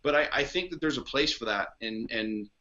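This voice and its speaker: A blunt, foul-mouthed man speaks as a podcast guest, hammering his points home. His voice is bright and forceful. The audio is dull and lo-fi. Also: medium pitch, expressive, moderate pace. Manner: blunt, profane, emphatic. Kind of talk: casual conversation.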